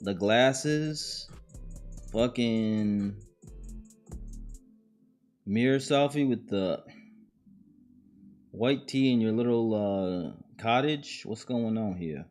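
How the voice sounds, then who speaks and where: A man's voice: fairly low pitch, very slow, long pauses, darkish tone, soft background music. A man hosting a live-streamed podcast, joking and reacting to clips in a casual, slangy way. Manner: uses slang and swearing. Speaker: podcast host.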